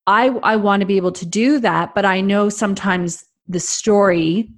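A woman's voice: medium pitch, normal speed. A woman hosting a podcast, chatting casually and speaking in a thoughtful, somewhat hesitant way. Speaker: podcast host. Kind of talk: casual interview chat.

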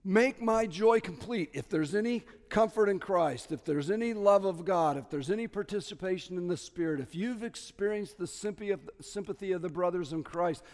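A man preaching a sermon as pastor, stressing key words loudly and dropping to quiet asides. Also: high voice, brisk, few pauses, long reverb tail. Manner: emphatic, swings between loud stresses and quiet asides.

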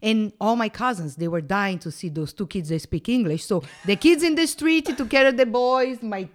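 A woman's voice: mid-range voice, animated. Middle-aged Brazilian-born mother, plain-spoken. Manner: plain-spoken, halting word searches. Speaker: guest, mother of the other host. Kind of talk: casual chat.

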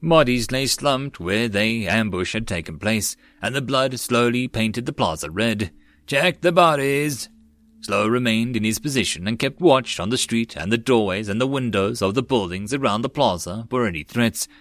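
A man's voice: lowish voice, moderate pace, few pauses, a bit bright, dry recording. Man narrating an audiobook, dry sound. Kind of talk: audiobook narration of a web novel.

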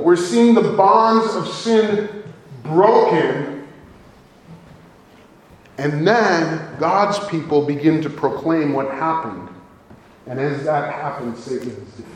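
Earnest pastor, preaching in an echoey church. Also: male voice, medium pitch, a little hiss or hum. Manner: earnest, conversational, with asides to the congregation. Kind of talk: sermon. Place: church sanctuary. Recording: very echoey room.

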